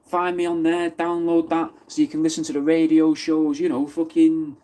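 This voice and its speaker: Man, Mancunian accent, casual live-stream chat, mellow voice, swears a lot. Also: a little high, monotone, moderate pace. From Wythenshawe, Manchester. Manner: chatty, swearing, replies to viewer comments. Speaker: livestream host.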